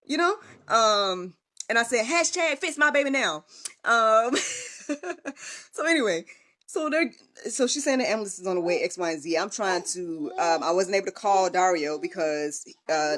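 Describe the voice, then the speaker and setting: A woman's voice: fairly low pitch, normal speed. A young woman telling a personal story in a casual livestream, chatty and full of fillers and restarts. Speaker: vlogger and podcast host.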